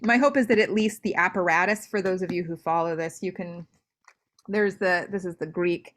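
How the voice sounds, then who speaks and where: Young woman guest, animated storyteller. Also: fairly low pitch. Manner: animated storyteller, quick asides, frequent restarts. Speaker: guest scholar. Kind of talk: interview conversation. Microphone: video call.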